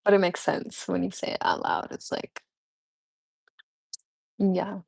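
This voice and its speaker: A woman's voice: lowish voice, animated, a little slow, vocal fry, husky. A woman hosting a casual live stream chat, rambling with many fillers and laughing often. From United States. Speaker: livestream host.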